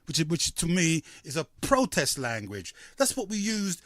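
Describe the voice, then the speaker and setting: A man from hosting a call-in radio talk show, rambling and halting with many fillers. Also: on the high side, wildly swooping pitch, fairly bright tone, dry recording, clean studio sound.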